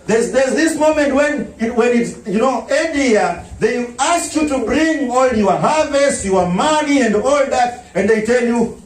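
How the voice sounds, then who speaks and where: A pastor preaches a sermon in a very high, animated voice that swings up into shouts and mocking impressions. He sounds set back from the microphone, in an echoey church hall. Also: a little slow, hardly any pauses. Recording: echoey room, mic at a distance.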